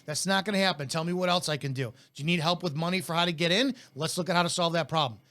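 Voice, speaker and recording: A man's voice: fairly high pitch, fast, hardly any pauses, sharp tone. Intense, blunt man coaching sales. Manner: intense, in-your-face, blunt. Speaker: network marketing trainer. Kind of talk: casual sales coaching talk.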